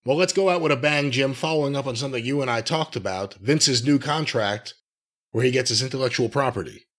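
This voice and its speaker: A man's voice: medium pitch, brisk, fairly bright tone. A man hosting a podcast in a casual way, wry and jokey as he steers the talk. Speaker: podcast host.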